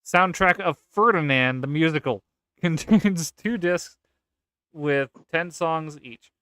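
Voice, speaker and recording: Bright clear-voiced man reading with sarcastic asides. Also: a little high, takes it slowly, dry recording, studio quality. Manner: sarcastic, swears, laughs at the text. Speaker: gaming content creator. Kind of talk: reading aloud with casual commentary.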